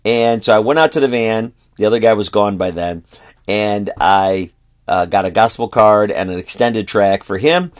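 A man's voice: on the low side, normal speed. A middle-aged man, a traveling street preacher, telling a story and quoting both sides of a conversation.

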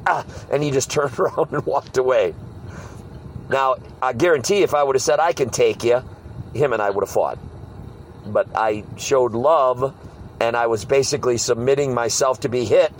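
A street preacher in casual talk, recorded outdoors with faint traffic humming behind him. His voice sits at an ordinary male pitch, and he tells his stories with animated energy, slipping into the voices of hecklers. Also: normal speed, poor audio. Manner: animated storyteller, mimics hecklers. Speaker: street preacher leading a discussion. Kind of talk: casual group talk with acted-out quotes.

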